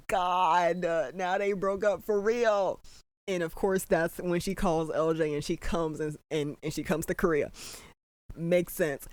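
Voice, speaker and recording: Excitable reaction commentator, dry sound. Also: mid-range voice, takes it slowly, dry recording. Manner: animated, exclaiming, disbelieving; holding the voice down at night. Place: at home at night.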